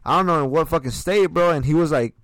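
A man's voice: on the high side, fast, fairly bright tone, no echo. A young man in casual chat, slangy and profane, calling everyone "bro" as he rants.

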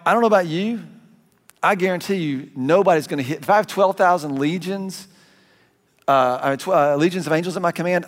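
A man with a Southern US accent preaching a conversational, animated sermon as pastor, with quick asides and restarts. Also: on the high side. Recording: long hall reverb.

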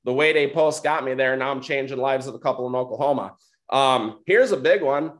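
A man's voice: medium pitch, brisk. A man from Michigan who coaches other coaches, giving a motivational talk. He talks emphatically, repeats his points and keeps checking in with "right?" and "okay?".

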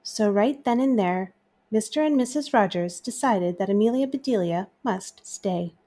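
Mellow-voiced woman reading a storybook. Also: medium pitch, moderate pace. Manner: gentle, expressive reading. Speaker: podcast host and storyteller. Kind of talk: storybook read-aloud.

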